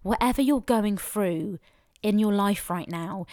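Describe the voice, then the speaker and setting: A woman's voice: medium pitch, a little slow, mellow, no room sound. A woman hosts a motivational podcast in an effusive, enthusiastic way. Her voice sits in a middle register and sounds dry and close, with no room around it. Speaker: podcast host.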